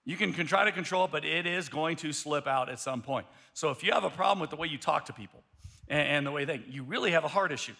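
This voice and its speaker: Gravelly, bright-voiced male pastor preaching. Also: fairly high pitch, fast. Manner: animated storytelling with repeated restarts. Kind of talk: sermon.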